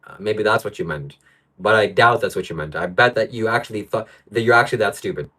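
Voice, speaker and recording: A man's voice: fairly low pitch, quick pace, sharp tone. A man hosting a live stream from home, reading out viewer comments and ranting about them in frustration. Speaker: livestream host. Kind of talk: livestream talk.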